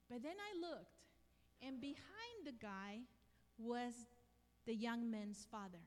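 A woman preaching a sermon in an emotional, emphatic way, with slow, dramatic pauses. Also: on the high side, expressive, big-room sound.

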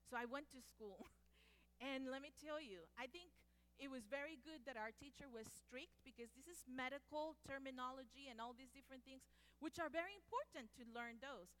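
A native Spanish-speaking woman with a notably high voice shares personal stories. She talks expressively and slips into the voices of the people she describes. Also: normal speed, a bit bright. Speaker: speaker and former medical interpreter. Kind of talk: personal storytelling talk.

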